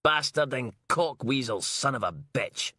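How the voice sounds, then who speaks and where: A man's voice: mid-range voice, expressive, a little slow, bright, forceful tone, breathy edge, no room sound, studio quality, full character voice. A male narrator voicing a foul-mouthed, brash female detective inspector, sarcastic and ranting. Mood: furious.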